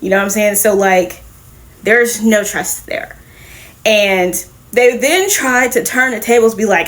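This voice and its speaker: A woman hosting a casual comic book review, retelling the story in a lively, profane way with quick laughs. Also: medium pitch. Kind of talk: casual recap and reaction.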